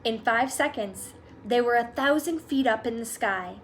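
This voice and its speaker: A woman narrating a children's storybook aloud in a lively, expressive manner. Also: on the high side, normal speed. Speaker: audiobook reader.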